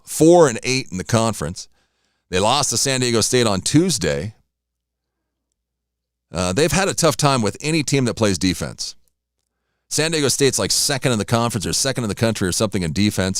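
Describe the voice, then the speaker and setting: A man with a fairly low, animated voice hosts a morning radio show alone, chatting casually at a moderate pace and rambling between sports scores and snacks while he eats. The studio-quality sound has no room noise.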